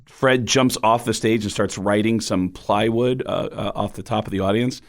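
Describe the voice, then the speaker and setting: A man's voice: on the low side, moderate pace. A man, a stand-up comedian from the Bronx without a Bronx accent, telling stories in a casual interview. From the Bronx, New York. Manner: animated storyteller, slips into impressions.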